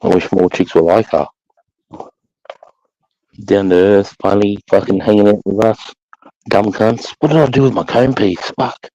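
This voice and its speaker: A man's voice: on the low side, moderate pace, long pauses, dark tone, dry recording, rough recording. An Australian man co-hosting a casual livestream chat, blunt and swearing, calling people mate. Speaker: livestream co-host.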